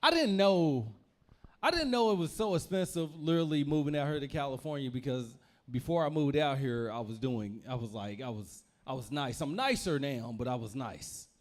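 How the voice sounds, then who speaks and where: Lively young man telling stand-up stories. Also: mid-range voice, moderate pace. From Louisville, Kentucky. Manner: loose, rambling storytelling with repeated phrases. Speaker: stand-up comedian. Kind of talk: stand-up comedy set.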